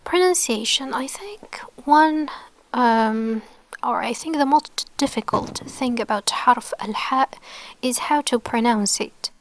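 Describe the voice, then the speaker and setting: A woman's voice: on the high side, unhurried, dry recording. A woman teaching an online lesson, explaining patiently, often checking with okay and dropping into a whisper to model sounds. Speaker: Arabic teacher.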